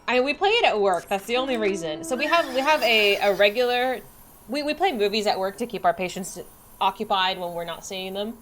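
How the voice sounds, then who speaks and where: A woman's voice: medium pitch, lively intonation, fairly quick, a bit bright, a little hiss or hum. A woman streamer chatting casually and swearing freely while she plays a game. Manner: bubbly, giggly, swears freely. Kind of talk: casual gaming livestream chat.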